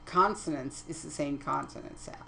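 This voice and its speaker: A woman's voice: sits low, moderate pace, gravelly, bright, forceful tone, a little hiss or hum, poor audio. A woman teaching poetry terms in a lecture over slides, reading definitions steadily and correcting her own slips. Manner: methodical, reads definitions aloud, self-corrects slips.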